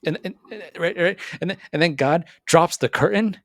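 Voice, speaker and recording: Gravelly man giving a motivational talk. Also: normal speed, dry recording, studio quality. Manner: animated, repeats words, acts out voices with big pitch jumps. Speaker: podcast host. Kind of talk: motivational monologue.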